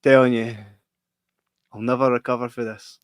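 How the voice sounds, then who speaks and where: A Scottish man co-hosting a casual podcast, his voice at a middle pitch. He tells animated, sweary stories and laughs often. The sound is dry and close to the mic. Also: moderate pace, no echo. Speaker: podcast co-host. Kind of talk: casual chat.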